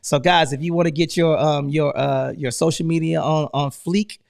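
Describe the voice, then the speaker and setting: A man's voice: on the high side, steady tone, moderate pace, vocal fry, darkish tone. A man hosting a live real estate stream, talking casually and energetically with lots of slang and repeated "man". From United States. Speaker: host.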